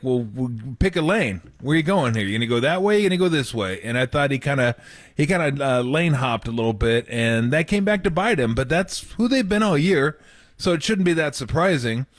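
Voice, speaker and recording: A man hosting sports talk radio, easygoing and conversational with the odd chuckle. His voice is mid-pitched. He is recorded close and dry in a studio. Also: dry recording.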